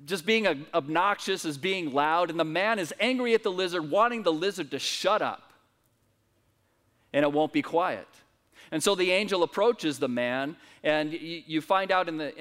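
A man's voice: on the high side, fairly bright tone. A man preaching a sermon at a church service, telling a story earnestly with frequent restarts. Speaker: pastor. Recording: reverberant church hall.

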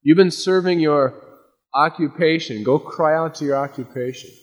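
A man's voice: fairly high pitch, normal speed, big-room sound. A male pastor giving a conversational sermon that moves between plain explanation and emphatic warnings. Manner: conversational preaching, emphatic warnings, acts out quotes. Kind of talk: expository sermon.

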